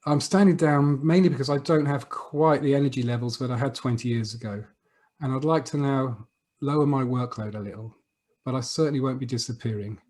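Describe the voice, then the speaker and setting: A middle-aged man from the UK speaks over a video call, an outgoing trustee giving his farewell. His voice sits at an ordinary pitch for a man. He sounds warm but a little halting, and he often repeats words as he goes. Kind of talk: prepared farewell speech.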